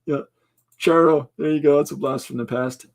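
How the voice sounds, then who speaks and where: A man's voice: on the high side, steady tone, brisk. Jokey man hosting a podcast. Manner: jokey, laughs often, breaks into impressions. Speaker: podcast host. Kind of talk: rambling casual chat.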